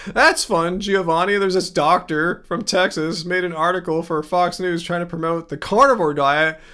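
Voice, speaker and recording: A man's voice: high voice, fairly even intonation, a little slow, sharp tone, smooth. A man hosting a casual livestream, reading chat comments and arguing his point with sarcastic asides, often chuckling and restarting words.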